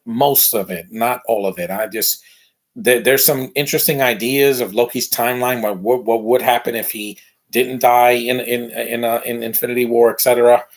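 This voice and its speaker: A man's voice: mid-range voice, fairly even intonation, normal speed. A man giving a casual spoken review as a YouTube channel host. He talks bluntly, rambles and often restarts his sentences.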